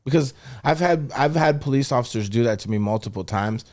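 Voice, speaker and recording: A man hosting a podcast, asking questions in an animated, joking way and acting out scenes. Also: mid-range voice, a little fast. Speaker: podcast host. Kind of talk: casual podcast conversation.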